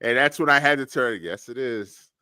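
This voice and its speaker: A man's voice: medium pitch, moderate pace, bright, forceful tone, clear, resonant tone, dry recording, studio quality. A man, co-hosting a podcast, teasing and laughing along with stories. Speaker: podcast co-host. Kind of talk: casual chat.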